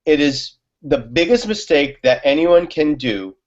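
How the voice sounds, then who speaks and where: This talk show guest has a somewhat high voice with a darkish tone and a measured pace. He tells stories in relaxed conversation, laughing frequently and using many fillers, captured in muffled, lo-fi audio.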